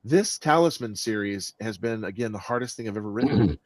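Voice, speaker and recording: Expressive man with a dry close sound. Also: fairly low pitch, fairly quick, dry recording. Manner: expressive, stresses words, frequent restarts. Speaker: guest author and audiobook narrator. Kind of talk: conversational interview answers.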